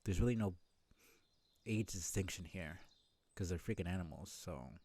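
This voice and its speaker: A man's voice: low voice, normal speed, dark tone, no room sound. A man streaming a game live, chatting in a rambling, self-deprecating way with lots of fillers.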